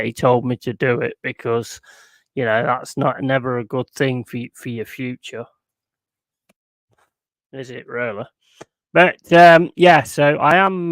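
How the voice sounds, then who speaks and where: A man's voice: medium pitch, a bit bright, dry recording. A man chatting casually to his live stream viewers in a rambling, sweary way, chuckling often. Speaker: football watchalong streamer.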